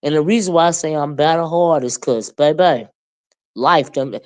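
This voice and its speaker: A woman in her fifties, low-pitched with a darkish tone, talks at normal speed into the camera in a casual monologue to a fellow creator. She's a folksy, plain-spoken vlogger with Southern flavor, sprinkling in "you know what I mean" and "child." She sounds older than her years and calls herself a surly old bird.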